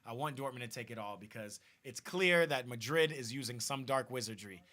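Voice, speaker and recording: A man hosting a live football watch party, chatting excitedly to viewers, often repeating and restarting phrases. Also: medium pitch, fairly quick. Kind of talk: casual live-stream chat.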